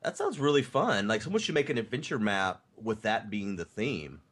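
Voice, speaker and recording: A man's voice: lowish voice, expressive, normal speed, a bit bright. A man co-hosting a podcast, chatting casually and explaining things with easygoing hedges. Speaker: podcast co-host. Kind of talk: casual chat.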